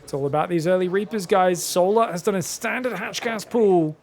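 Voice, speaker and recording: A man commentating a strategy game solo, quick excitable play-by-play with casual asides to his viewers. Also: high voice. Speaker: esports caster.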